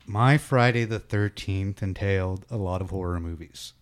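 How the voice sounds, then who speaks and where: Low-voiced man telling stories, swearing. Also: normal speed. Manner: swears a lot, laughs often, animated storyteller. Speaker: podcast co-host. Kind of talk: casual chat. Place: home kitchen.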